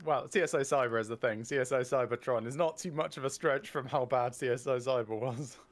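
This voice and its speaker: A man's voice: mid-range voice, fairly quick. A man joking and telling stories in casual chat with a friend over a game. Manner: joking, animated storyteller. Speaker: co-player. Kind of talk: casual chat while gaming.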